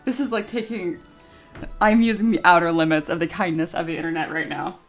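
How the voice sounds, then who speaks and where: A young woman streams from her desk mic, chatting loosely with her viewers. She laughs easily, pokes fun at herself and swears without a second thought. Soft music plays faintly underneath. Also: lowish voice, steady tone, brisk. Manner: giggly, self-mocking, swears freely. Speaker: streamer and 3D sculptor. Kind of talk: casual live-stream chat.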